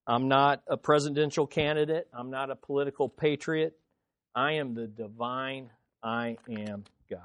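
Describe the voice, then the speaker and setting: A male pastor preaching a sermon to his congregation, firing off rhetorical questions and swinging from quiet to loud. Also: medium pitch, steady tone, moderate pace, dry recording. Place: church service.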